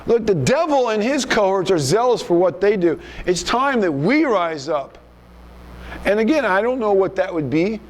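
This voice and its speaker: Emphatic high-voiced male pastor preaching. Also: very animated, moderate pace. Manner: emphatic, rebuking, repeats words. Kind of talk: sermon.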